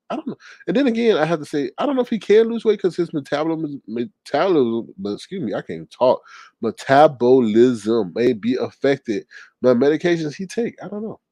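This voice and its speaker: A man hosting a casual livestream and reading chat comments, speaking with an animated, gossipy manner full of exclamations. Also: high-pitched, quick pace, no room sound.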